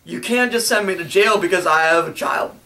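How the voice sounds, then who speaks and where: Crude rambling young man, high voice. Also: brisk, bright, forceful tone, far from the mic. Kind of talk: casual comedic retelling.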